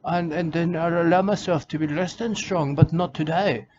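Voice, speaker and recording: A man whose natural voice is a little high and steady, at a moderate pace, portrays an eccentric self-styled wildlife warrior in an absurd, melancholy, rambling comic monologue. Broken grammar, repeated "uh", and constant "I can tell you" and "mate" fill his speech. Background noise is clear on the dull, lo-fi recording.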